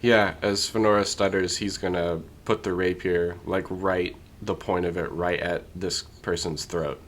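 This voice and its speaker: A male player describing his character's moves slowly and deliberately. His voice is very deep, and he takes his time. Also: steady tone.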